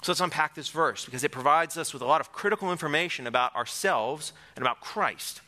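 Male pastor, earnest sermon delivery, slightly high and bright. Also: quick pace. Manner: earnest, emphatic, reads scripture aloud. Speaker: preacher.

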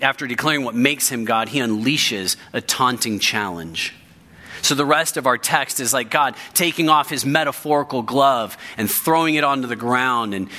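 A man's voice: mid-range voice, bright, forceful tone. A man, a pastor, preaching a sermon with emphasis and often repeating key phrases for weight.

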